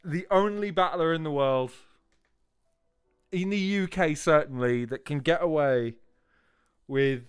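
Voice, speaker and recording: Brief: male host, clear smooth voice, slightly high, casual reaction commentary, faint music behind. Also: measured pace, long pauses, no echo. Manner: chatty, laughing, repeats lines for effect. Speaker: host reacting to battle rap.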